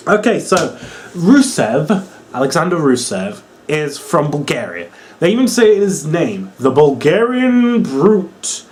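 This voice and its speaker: A man's voice: a little high, big pitch swings, unhurried. A young man giving a casual, exasperated review full of sarcasm and fillers like "uh" and "like". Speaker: wrestling reviewer.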